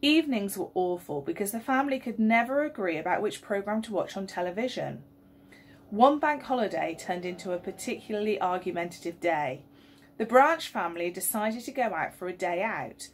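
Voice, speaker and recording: A woman, a teacher reading a story aloud and leading school worship in a gentle, expressive way. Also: medium pitch, brisk, breathy edge. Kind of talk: storybook reading and assembly talk.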